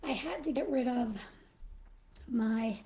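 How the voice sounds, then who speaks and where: A woman hosting a casual live stream, short of breath and slowed by illness, talking haltingly with many pauses and fillers into a phone. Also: fairly high pitch, warm tone, poor audio. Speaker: live stream host in a Mrs. Claus persona.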